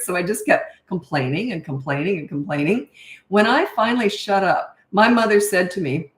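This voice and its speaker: A woman's voice: mid-range voice, expressive, a little fast, reverberant. A woman in her sixties, a parenting coach answering questions in a casual livestream, telling stories in a chatty way with fillers and laughs. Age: 60s.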